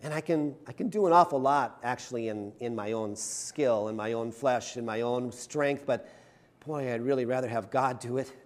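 At a moderate pace and medium pitch, a male pastor gives a conversational sermon full of chatter and self-deprecating humor. He regularly checks in with his congregation, often asking "right?"

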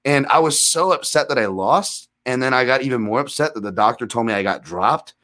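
A man in his thirties, a podcast guest telling rambling, self-deprecating fight stories with animated retellings. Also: mid-range voice, a little fast. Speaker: guest, MMA analyst. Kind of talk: casual storytelling in a podcast interview.

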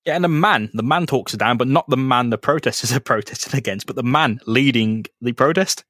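A man co-hosts a podcast, retelling a comic story in loose, sweary, laughing chat. His pitch sits in the middle, and the voice is close and dry with no room echo. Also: brisk, a bit bright. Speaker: podcast co-host. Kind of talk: casual comic recap chat.

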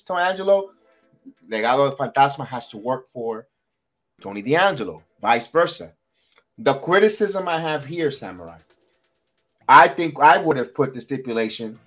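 A man hosting a wrestling recap podcast in casual chat, animated and repeating himself for emphasis. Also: mid-range voice. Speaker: podcast host.

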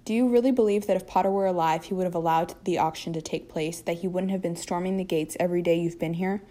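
A curt, irritated young wizard, as a woman reads his lines aloud, speaking in clipped, harsh phrases. His voice sits on the low side, with a cold edge to every line. It is an amateur fanfiction reading. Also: fairly even intonation, fast, warm tone, natural voice.

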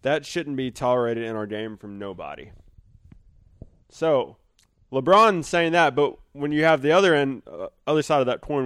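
A man's voice: medium pitch, dry recording. A man co-hosting a podcast, talking casually about sports news and laying out his opinions step by step. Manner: opinionated, lays out arguments step by step. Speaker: podcast co-host.

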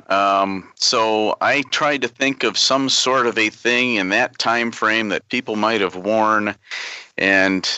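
A man playing a casual trivia game, reasoning out his answers aloud in a deliberate way. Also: on the low side, sharp tone, dry recording. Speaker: trivia contestant.

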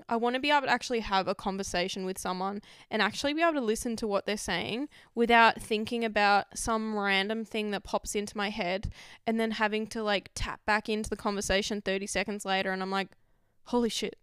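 Candid young woman, very smooth voice. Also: mid-range voice, fairly bright tone, dry recording, clean studio sound. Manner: frank, rambling, heavy swearing. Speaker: vlogger. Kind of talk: candid confessional monologue.

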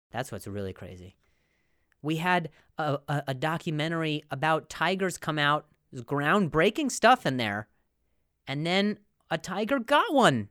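Male podcast host, loose stammering comic delivery, very lively pitch, dry close sound. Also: no echo. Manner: rambling, stammering, jokey, laughs often. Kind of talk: casual comedic monologue.

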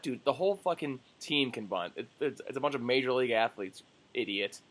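Young male podcast co-host, mid pitch, animated storyteller who swears and does quick voices. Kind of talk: casual chat.

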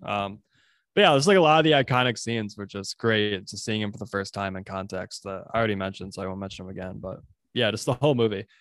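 Fast-talking hesitant man. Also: fairly low pitch, fairly bright tone, no echo, studio quality. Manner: hesitant, many fillers, thoughtful. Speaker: guest, first-time viewer. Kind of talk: casual movie discussion.

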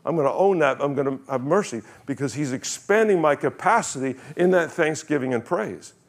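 A man's voice: fairly high pitch, animated. Man preaching a casual sermon. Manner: conversational preaching, reads scripture slowly, asks congregation questions. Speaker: pastor.

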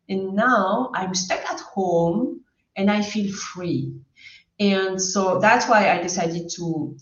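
Woman with French-German accent, distant and roomy. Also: mid-range voice. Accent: mixed French and German. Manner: warm, laughs often, searches for words. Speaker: guest, life and career coach. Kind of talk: casual interview chat. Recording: distant, roomy, dull video call audio.

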